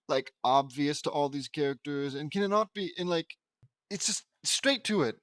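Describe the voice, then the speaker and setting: A man's voice: fairly high pitch, expressive, normal speed, a bit bright, no echo. Sarcastic man reading fan fiction aloud. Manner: dry, mocking asides. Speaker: reader commenting on fan fiction. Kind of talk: sarcastic dramatic reading with commentary.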